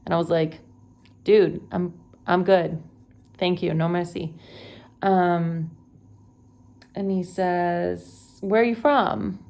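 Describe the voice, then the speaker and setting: A woman's voice: on the low side, fairly even intonation, takes it slowly, vocal fry, pauses often, darkish tone. A young woman from Texas, a travel vlogger, retelling an unsettling trip in a casual, conversational way with many fillers and self-corrections. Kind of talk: unedited personal retelling. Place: at home.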